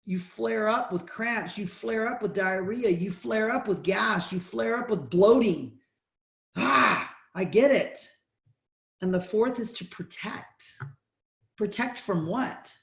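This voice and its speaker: A middle-aged woman from Texas, slightly hoarse, giving an emphatic, repetitive motivational sales presentation over a video call. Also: mid-range voice. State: hoarse from allergies. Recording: roomy echo.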